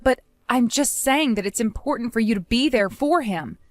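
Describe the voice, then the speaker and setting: Woman voicing a calmly defiant young daughter-in-law. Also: on the high side, dry recording, clean studio sound, lightly acted. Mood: earnest. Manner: measured, pointedly questioning.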